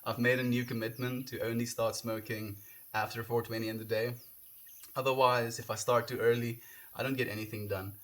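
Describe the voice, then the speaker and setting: This young livestreamer from South Africa, who grew up speaking Afrikaans, talks loosely and warmly to viewers from a windy outdoor spot. Speaking fairly quickly at a middle pitch with little pitch movement and a fairly bright tone, he reads out chat comments and pours out thanks.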